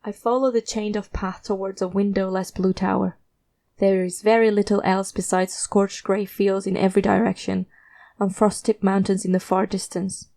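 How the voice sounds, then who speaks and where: This sounds like a scripted audiobook: a woman narrating a first-person fiction piece at medium pitch, her tone mellow and warm with some vocal fry. Her pacing stays steady and measured while a quiet tension runs through it.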